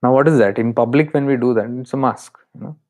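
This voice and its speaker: A man's voice: medium pitch, quick pace, darkish tone. A man with an Indian accent, a spiritual teacher explaining awareness in an earnest, repetitive way. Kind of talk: spiritual talk.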